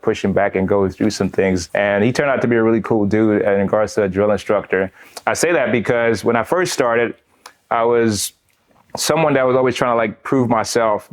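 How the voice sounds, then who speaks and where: A man from the United States recounts his own memories in a casual, conversational interview. He tells it with animation and laughs at his own stories as he goes. He keeps dropping the word "man" between his phrases. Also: on the low side. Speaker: veteran guest.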